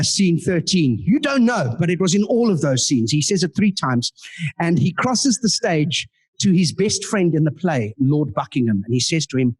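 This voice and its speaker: A man's voice: a little high, husky. A man doing live stand-up, telling playful self-mocking stories with asides to the audience. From South Africa. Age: 40s. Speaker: comedian and guest speaker. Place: indoor club meeting room.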